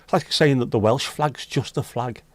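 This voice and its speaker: A man with a medium-pitched voice speaks at normal speed in a dry recording. He's hosting a casual livestream for a virtual pub, reading viewer comments and chatting, joking and bantering with chat.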